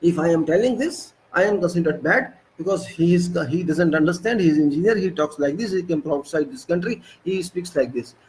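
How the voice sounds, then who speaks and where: High-voiced engineering lecturer. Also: male voice, a little fast, hardly any pauses, a little mellow, slight background noise, poor audio. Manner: emphatic, scolding with rhetorical questions. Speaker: engineering instructor. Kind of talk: lecture on construction practice.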